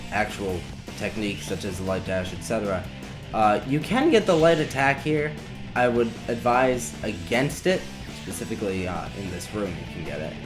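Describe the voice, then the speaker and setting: A young man giving rambling, sarcastic commentary over a video game playthrough. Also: fairly low pitch. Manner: rambling, wry, sarcastic asides. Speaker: let's play commentator. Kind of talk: casual gameplay commentary. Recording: game music playing behind. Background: video game music.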